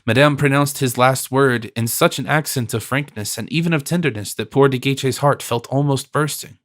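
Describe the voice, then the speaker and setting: A man narrating a classic novel in a steady, formal storytelling manner. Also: mid-range voice, normal speed, no room sound, studio quality. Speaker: audiobook narrator. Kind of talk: scripted narration.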